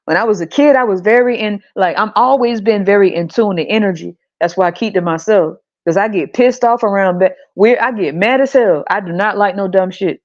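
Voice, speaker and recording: A woman's voice: mid-range voice, brisk, few pauses. A woman hosting a podcast, ranting casually with profanity and frequent laughter, in a slightly dull recording. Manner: profane, animated, laughs often. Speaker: podcast host. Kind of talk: casual monologue rant.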